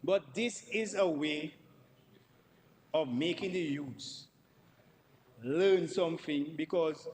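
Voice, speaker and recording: A man's voice: fairly high pitch, slow, pauses often, darkish tone, long reverb tail, rough recording. A man giving a parliamentary debate speech, emphatic and repeating words for stress. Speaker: member of parliament. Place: parliament chamber.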